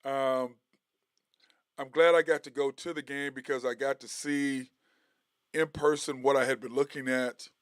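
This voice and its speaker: A man's voice: mid-range voice, a little slow, long pauses, clean tone, no echo, clean studio sound. A middle-aged man hosting a casual solo sports talk show, rambling with fillers and restarts. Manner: animated storytelling, gets heated and loud when retelling a confrontation. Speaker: sports podcast host.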